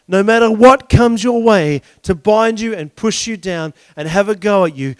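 High-voiced impassioned male preacher. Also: lively intonation, no echo. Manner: impassioned preaching with sudden shouts and slow emphatic phrases. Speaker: pastor. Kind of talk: sermon.

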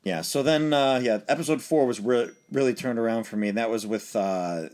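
Male podcast co-host, mid-pitched, loose rambling recap voice. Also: brisk, darkish tone. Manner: rambling, with many fillers and restarts. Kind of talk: casual chat recapping a TV show.

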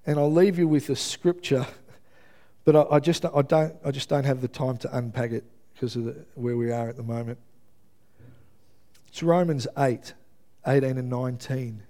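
A man's voice: medium pitch, normal speed, warm tone. Earnest man preaching a conversational sermon. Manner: earnest, checks in with the congregation with "yeah?"; builds intensity, stumbles and repeats himself when moved.

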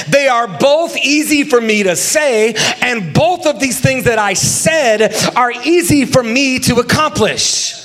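A young man, a pastor, preaching a lively sermon with jokes and calls for the congregation to join in. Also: very high voice. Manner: lively, joking, talks with the congregation.

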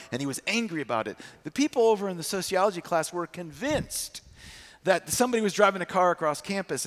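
High, animated male preacher in a reverberant hall. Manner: animated storyteller acting out quotes. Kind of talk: sermon with storytelling.

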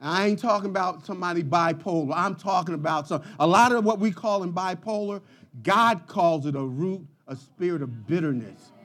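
A man preaching a sermon, swinging from quiet, low asides to loud, shouted passages. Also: normal speed. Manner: preaching with rising shouts and dramatic swings in volume. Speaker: pastor.

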